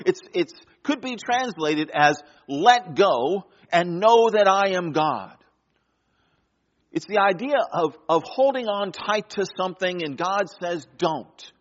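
Pastor telling a story in a sermon. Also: male voice, a little high, in a large hall, dull audio. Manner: storytelling, dramatic pauses and soft drops.

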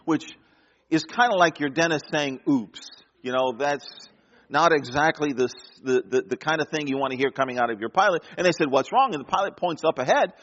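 A man preaching a sermon, telling a story with dramatic pauses and soft drops in his voice. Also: fairly high pitch, long reverb tail, lo-fi sound. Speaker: pastor.

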